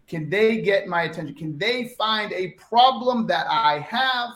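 A man's voice: high-pitched, animated, measured pace, a bit bright. A man hosting a sales coaching show, talking in a brash, direct and upbeat way. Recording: echoey room.

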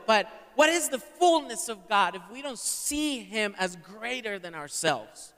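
A man's voice: high voice, sing-song, normal speed, hardly any pauses, fairly bright tone. A man preaching a sermon to a live congregation and having them repeat words back. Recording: long hall reverb.

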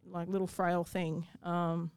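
A woman's voice: lowish voice, little pitch movement, slow pace, a little mellow, clean tone, no room sound. A woman, telling a personal story in an interview, blunt and swearing freely. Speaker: guest.

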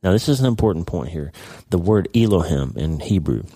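Deep, earnest male Bible teacher. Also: animated, mellow, slightly rough, dry recording. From Oklahoma, United States. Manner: earnest, slows down on key phrases. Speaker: podcast host and Bible teacher. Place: ranch.

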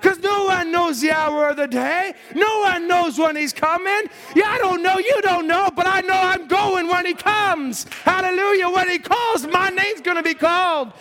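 High-voiced animated preacher in reverberant hall. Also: male voice, normal speed, few pauses, slight background noise. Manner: animated, acts out biblical characters, swings from shouting to hushed. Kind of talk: sermon storytelling.

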